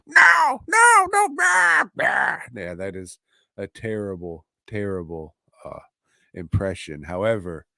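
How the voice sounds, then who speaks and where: A man's voice: deep voice, darkish tone, no room sound, clean studio sound. A man hosting a podcast from home, recapping a show in a casual, profane, offhand way. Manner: profane, offhand, slow and drawling. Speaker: podcast host reviewing a TV episode.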